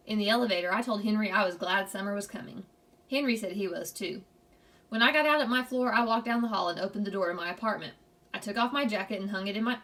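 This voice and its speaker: A woman's voice: mid-range voice, fairly bright tone, distant mic. A woman reading a children's chapter book aloud, telling the first-person story expressively.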